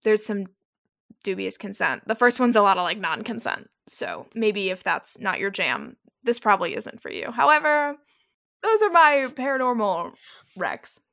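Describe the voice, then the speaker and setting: A woman co-hosting a casual podcast, chatting eagerly about books she loves. Her voice carries a gravelly, fry-tinged edge at a middle pitch. She talks quickly when she gets excited. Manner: gushing, enthusiastic about books. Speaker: podcast co-host. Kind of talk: casual chat.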